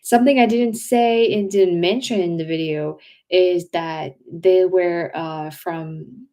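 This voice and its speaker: A woman's voice: on the low side, steady tone, slow pace, warm tone. A woman from France with a French accent, chatting casually as host of a livestream, rambling with many restarts and fillers. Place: home.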